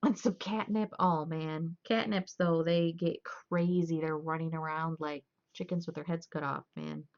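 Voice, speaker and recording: Low-voiced young woman, chatty streamer. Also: fairly even intonation, measured pace, few pauses. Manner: chatty, laughing, loose storytelling. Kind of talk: casual chat. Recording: dull lo-fi stream audio.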